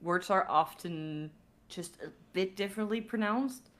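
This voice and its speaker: A woman's voice: medium pitch, a little slow, a little hiss or hum. A young Dutch woman with a Dutch accent, chatting casually as a podcast guest and laughing often. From Netherlands. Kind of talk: casual chat.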